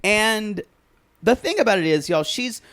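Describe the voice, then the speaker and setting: Animated, gossipy podcast co-host. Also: mid-range voice. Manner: animated, gossipy, quick to laugh and tease. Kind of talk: casual chat.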